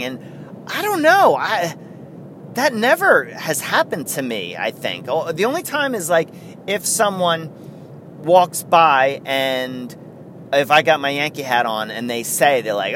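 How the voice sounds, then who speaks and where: Male podcast host, casual solo talk, lots of restarts, faint rumble underneath. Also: very animated, measured pace, fairly bright tone. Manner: rambling, self-interrupting, chuckling.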